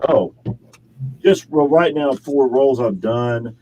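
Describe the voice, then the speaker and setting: A man's voice: mid-range voice, slow, warm tone, rough recording. A man, an actor and model, chatting as an interview guest in his home studio, rambling through stories with frequent laughs. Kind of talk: casual interview chat.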